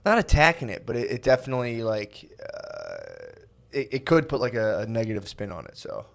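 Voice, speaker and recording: A man's voice: on the low side, wildly swooping pitch, vocal fry. A man co-hosting a comedy podcast in casual chat, rambling and restarting often, mock-earnest and jokingly self-pitying. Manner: rambling, halting, with many restarts and fillers. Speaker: podcast co-host.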